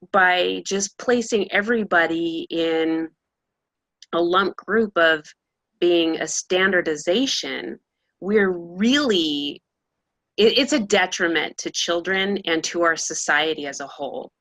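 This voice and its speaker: A woman on a talk show, speaking slowly and deliberately and pausing to search for her words. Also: fairly low pitch, fairly bright tone, dry recording.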